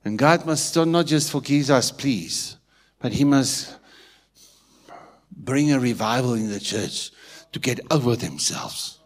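A man with a South African Afrikaans-tinged accent preaching a sermon in church, swinging from hushed asides to loud emphatic lines and often asking if the congregation is with him. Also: mid-range voice, breathy edge. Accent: South African English, Afrikaans-influenced. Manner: keeps checking in with the congregation. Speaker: pastor.

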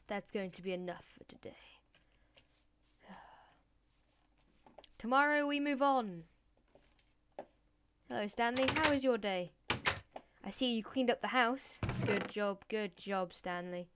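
Woman rambling silly game commentary. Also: fairly high pitch. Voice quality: deliberately put-on voice. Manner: silly, rambling, random chatter to in-game pets. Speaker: gaming channel host. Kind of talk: let's play commentary. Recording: noisy recording with clicks.

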